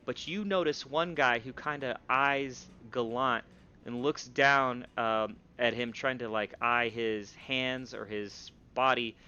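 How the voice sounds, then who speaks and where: A man's voice: mid-range voice, steady tone, slow pace, sharp tone, clear, resonant tone, muffled recording. A man narrating as game master of a tabletop game, rambling with fillers and restarts.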